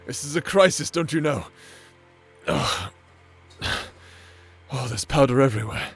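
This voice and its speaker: A man voicing a teasing, affectionate necromancer husband in a whispered role-play, doting and laughing, speaking slowly and flirtatiously with a soft, breathy voice. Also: mid-range voice, lively intonation, faint music behind. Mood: playful fluster.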